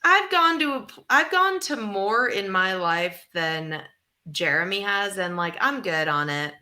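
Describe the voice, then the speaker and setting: A woman co-hosting a comedy podcast, chatting casually in an animated, teasing way. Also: medium pitch, measured pace. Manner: animated, teasing, talks through her feelings. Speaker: podcast co-host.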